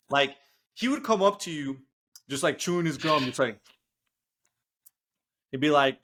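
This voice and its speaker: Animated young guy on a sports podcast. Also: a little high. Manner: animated, jokey storytelling with quick bits of mimicry. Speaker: podcast co-host. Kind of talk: casual sports chat.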